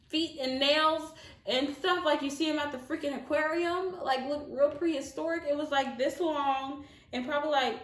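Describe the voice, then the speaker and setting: Southern girl vlogging a storytime, kinda high voice, laughs a lot, echoey room. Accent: Southern American. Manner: animated, laughing storyteller with many fillers. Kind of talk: casual storytime.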